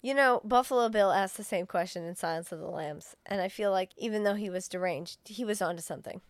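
A woman's voice: mid-range voice, fast talker, no echo. A woman co-hosting a casual podcast, cutting in with crude jokes and teasing questions. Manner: wisecracking, jumps in with crude jokes. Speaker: podcast co-host. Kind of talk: casual banter.

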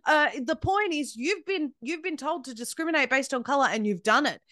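Podcast guest: Australian-raised woman, fairly high voice, emphatic, scornful, halting restarts, dry close sound. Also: animated, bright, forceful tone, no echo. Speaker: guest, media founder. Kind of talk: podcast conversation.

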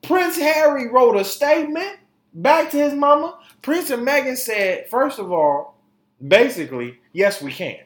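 A man's voice: very high voice, measured pace. A male podcast host giving casual, joking commentary on celebrity news, full of slang and frequent laughs. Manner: animated, joking, laughs often, slang-heavy. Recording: echoey room.

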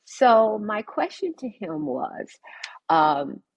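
A woman's voice: medium pitch, slow pace, breathy edge, no echo, highs cut off. A woman sharing her personal story in a conversational interview, firm and direct, acting out the people in it. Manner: animated storyteller who acts out dialogue. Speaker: interview guest, cancer survivor.

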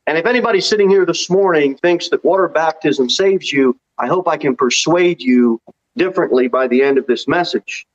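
A man's voice: on the high side, a bit bright, dull audio. A man preaching a sermon as pastor in a church, reading scripture aloud with emphasis.

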